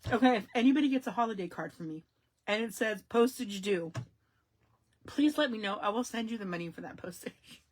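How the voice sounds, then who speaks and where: A woman hosting a casual crafting live stream, talking straight to her viewers with sudden loud exclamations and hushed asides. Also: medium pitch, expressive, brisk, a little hiss or hum.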